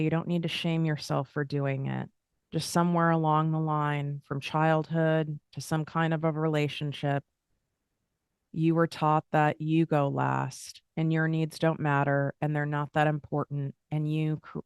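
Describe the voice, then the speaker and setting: A woman's voice: low-pitched, gravelly, darkish tone, clean tone, no echo, studio quality. A woman hosting a motivational self-help talk, speaking in an earnest, repetitive, affirming cadence. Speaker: host and money coach.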